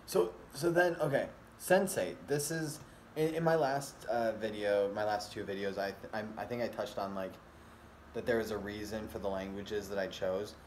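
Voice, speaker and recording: A man's voice: lowish voice, moderate pace, a little mellow, slight background noise. Rambling young man in an echoey room. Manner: rambling, many fillers and restarts. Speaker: vlogger. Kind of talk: casual rambling vlog talk. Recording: echoey room with faint ambience.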